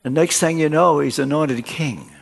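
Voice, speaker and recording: An older man with a gravelly, husky voice preaches a sermon as a guest in a church, speaking at normal speed. He tells stories and acts out the dialogue in them by shifting his pitch.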